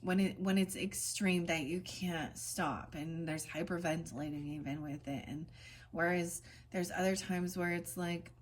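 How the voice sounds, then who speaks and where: A woman's voice: lowish voice, fairly even intonation, a little hiss or hum. Chatty woman giving an oracle card reading. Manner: chatty, rambling asides; reads card meanings in a soft, slow cadence. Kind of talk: casual spiritual card reading.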